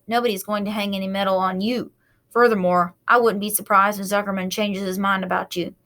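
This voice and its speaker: A husky, bloated male rat gloats and snarls in a gravelly storybook voice, as a woman reader puts him on. He speaks loudly and sneeringly, relishing his own greed. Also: medium pitch, close to an everyday voice.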